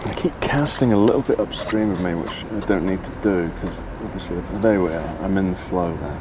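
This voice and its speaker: A man talking casually through his fishing, relaxed and thinking aloud at an outdoor riverbank. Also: sits low, brisk, background noise. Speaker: angler and channel host.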